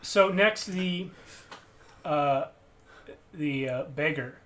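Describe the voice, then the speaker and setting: A man running a tabletop game as game master, making rulings in a relaxed, chatty way. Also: fairly high pitch, extremely slow, slight background noise.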